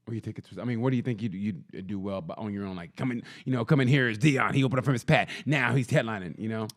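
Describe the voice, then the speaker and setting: This podcast co-host is a man with a lowish voice who talks fast, sharing crude stories on a casual comedy show. His storytelling is lively, full of restarts and quotes he performs out loud.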